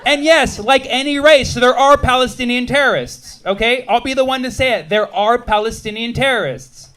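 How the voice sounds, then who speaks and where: A man doing a stand-up comedy set, punchy and quick with asides and banter with the crowd. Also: very high voice, fairly bright tone. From United States. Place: comedy club stage with a live audience.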